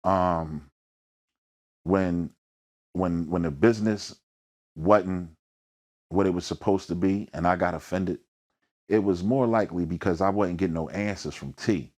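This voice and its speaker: Speaking at a measured pace with frequent pauses and a darkish tone, the same low-voiced rapper from Philadelphia relives his career in a sit-down interview. His storytelling stays energetic and slangy, dotted with "you know what I mean," as he mimics the voices and sounds involved.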